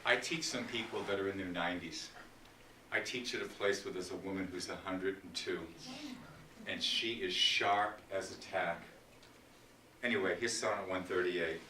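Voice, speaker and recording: A man giving a library lecture on poetry, reciting sonnets slowly and dramatically between chatty asides. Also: low voice, bright, forceful tone. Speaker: literature lecturer. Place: library meeting room. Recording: roomy, distant, faint hiss.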